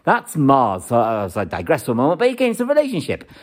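Animated rambling male astrologer. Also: medium pitch, fast. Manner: animated, rambling, repeats key words. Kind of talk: casual monologue.

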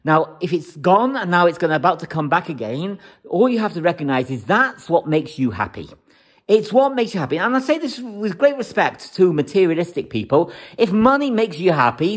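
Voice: medium pitch, big pitch swings, brisk. An astrologer talking through a forecast in a casual monologue, rambling and emphatic, repeating words for stress.

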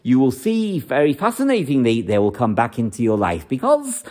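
A man's voice: mid-range voice, huge pitch swings, normal speed, a little mellow. A man giving astrology forecasts for each star sign in an emphatic way, repeating phrases to drive his points home. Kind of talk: horoscope forecast talk.

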